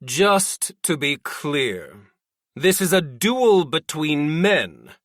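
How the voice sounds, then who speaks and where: A man voicing a formal male official who announces duel terms in a loud, measured way. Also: on the high side, expressive, no echo, studio quality, full character voice.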